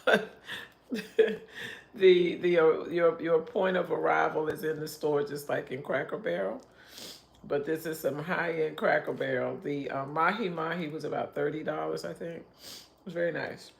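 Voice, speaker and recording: A woman's voice: low voice, steady tone, moderate pace, creaky. A middle-aged woman hosting a casual livestream, chatting in a rambling way and laughing often. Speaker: livestream host.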